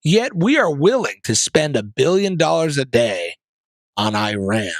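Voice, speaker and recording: A man's voice: fairly high pitch, very animated, measured pace, no room sound. A man hosting his own podcast, giving impassioned political commentary full of rhetorical questions and mocking asides. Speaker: podcast host. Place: basement studio.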